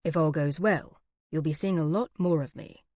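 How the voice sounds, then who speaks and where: A woman's voice: low voice, moderate pace, darkish tone, dry recording, studio quality. A woman voicing a cool, commanding man with a terse, clipped delivery.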